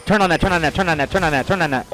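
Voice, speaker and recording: A young man streaming a video game, loud and profane, trash-talking and yelling at his teammate. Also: on the high side, rapid-fire, very noisy. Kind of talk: casual gaming stream chat.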